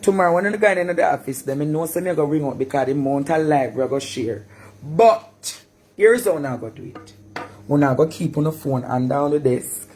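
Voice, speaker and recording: A man with a Jamaican accent ranting in a live-stream monologue, breaking into shouts and sing-song cries. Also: fairly high pitch, brisk, a little hiss or hum.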